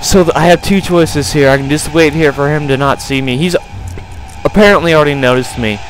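A man's voice: a little high, a little fast, soft background music, poor audio. A young man commentating a horror game, jumpy and panicky, often crying out in fright. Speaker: gameplay commentator.

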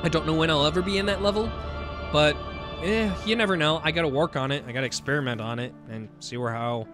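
A man's voice: on the high side, fast, over music. A young man hosting a casual gaming video, rambling and stammering as he chats, laughing often. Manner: excited whoops while playing. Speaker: gaming channel host. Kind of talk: casual let's-play commentary.

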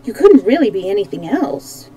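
A kind young girl in a storybook, speaking gently and eagerly in a lifted, girlish voice, as a woman reads her. The tone stays mellow and soft rather than bright. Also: mid-range voice, very animated, normal speed, no room sound, close to an everyday voice. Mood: gentle eager. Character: young girl Dorothy, kind and plain-spoken. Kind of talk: storybook read-aloud.

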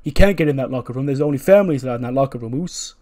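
A man's voice: medium pitch, very fast, natural voice. A man voicing a brash, hot-headed young male wrestler cutting an angry promo and calling everyone "Uso". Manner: shouty, repeating "Uso" as a tag.

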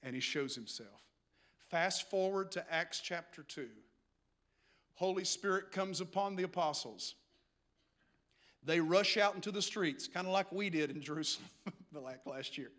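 A male pastor preaching a sermon, telling the story dramatically and swinging between hushed passages and shouts. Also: high voice, moderate pace, long pauses.

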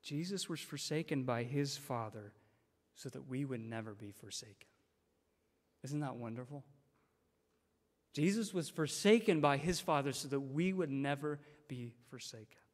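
A man's voice: medium pitch, lively intonation, normal speed. A man preaching a sermon as a guest speaker, emphatic and repeating phrases for stress. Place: church sanctuary. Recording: long church reverb.

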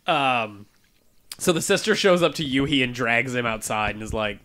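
A man's voice: medium pitch, measured pace. A man co-hosting a podcast, casually retelling a manga chapter and acting out the characters' lines, swearing freely. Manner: animated retelling with quoted voices, swears casually. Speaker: podcast co-host.

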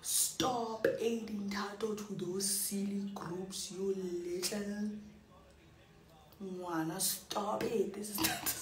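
A woman's voice: medium pitch, fairly even intonation, slow pace, roomy sound, close to an everyday voice. A woman voicing a fed-up middle-aged mother who scolds her child's friends in a bossy way. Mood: scolding.

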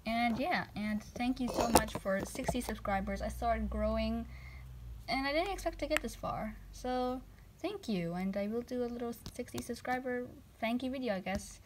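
A woman's voice: on the high side, normal speed, noisy background. Chatty woman toy vlogger. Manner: chatty, rambling, self-deprecating. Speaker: toy channel creator. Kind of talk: casual vlog chat.

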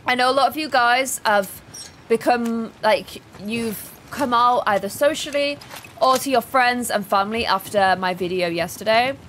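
A woman's voice: fairly high pitch, moderate pace, a bit bright, a little hiss or hum. Chatty woman streaming a game. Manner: chatty, reads in-game notes aloud and greets chat. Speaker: gaming streamer. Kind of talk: live game streaming, reading notes and chat.

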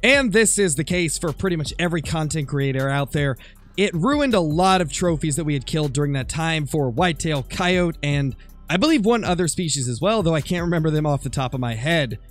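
Guy doing a chill game voice-over, still a bit raspy from being sick, lots of uh's, light music underneath. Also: fairly high pitch, animated, brisk. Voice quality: slightly raspy. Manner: chatty, easygoing, frequent fillers. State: recovering from illness. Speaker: gaming channel host. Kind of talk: casual game commentary voice-over.

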